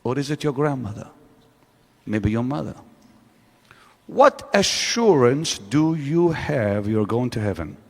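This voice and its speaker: A man's voice: medium pitch, very animated, a little slow, long pauses, darkish tone. A man preaching a sermon to a live audience in a large church auditorium, driving his point home with repeated rhetorical questions. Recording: long reverb of a large hall.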